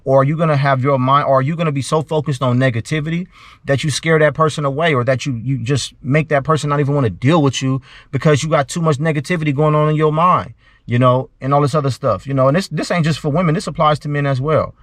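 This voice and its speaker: Male host, preachy solo commentary, throat-clearing habit, dry close mic. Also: fairly high pitch, fast talker, no echo. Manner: preachy, repeats "you know", clears throat often. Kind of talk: monologue commentary.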